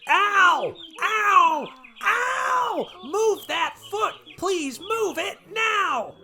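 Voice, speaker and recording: A man voicing a pompous male dinosaur president, crying out in high strained yells. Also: animated, very slow, slight background noise, full character voice. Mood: pained yelling. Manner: yelling in high strained cries.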